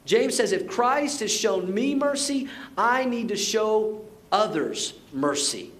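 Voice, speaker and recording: A middle-aged man preaching a sermon as pastor, telling stories in a relaxed conversational way, often repeating words and adding asides. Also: high voice, slow pace.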